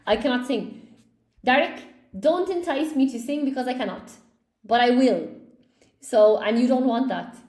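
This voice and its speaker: A woman's voice: high voice, normal speed, a little mellow, echoey room. A woman teaching a live online English class, cheerfully praising students by name as she goes through quiz answers.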